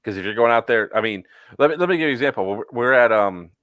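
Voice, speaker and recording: A man's voice: mid-range voice, animated, fast, fairly bright tone, dry recording, low-quality recording. A man co-hosting a casual chat, telling a story with many fillers and acted-out quotes. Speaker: podcast co-host.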